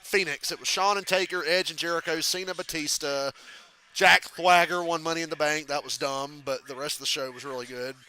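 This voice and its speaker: A man chatting casually during a live reaction stream, swearing freely while telling animated backstage stories and calling a race. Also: a little high, a little fast. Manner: profane animated storytelling. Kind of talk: casual chat with friend.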